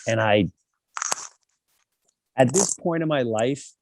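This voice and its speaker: A middle-aged man telling a personal story in a candid monologue, animated and emphatic, acting out the voices of people he quotes. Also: medium pitch, slow pace, creaky, noisy background.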